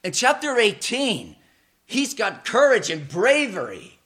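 High-voiced man preaching with dramatic swells. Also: huge pitch swings, measured pace, fairly bright tone. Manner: dramatic and emphatic, with swells and drops in volume; repeats words while building momentum. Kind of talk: sermon.

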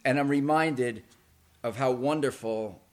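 A man preaching a sermon in a church. He is dramatic and emphatic, repeats words as he builds momentum, and swings between loud peaks and hushed, low passages. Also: unhurried. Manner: dramatic and emphatic, with swells and drops in volume.

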